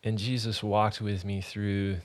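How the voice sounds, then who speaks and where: A man hosting a ministry podcast, telling a personal faith testimony in an earnest, halting, conversational way. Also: lowish voice, flat delivery.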